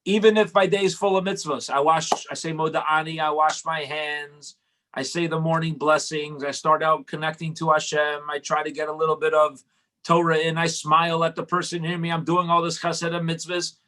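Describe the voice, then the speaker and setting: A man's voice: on the high side, level tone, moderate pace, bright, forceful tone. A man teaching a Torah class in a conversational storytelling way, repeating phrases for emphasis.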